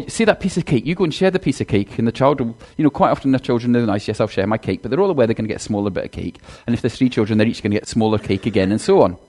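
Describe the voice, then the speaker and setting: A man's voice: medium pitch, a little mellow. A man giving a chatty sermon in a church, talking directly to the congregation and acting out a children's talk. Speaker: minister.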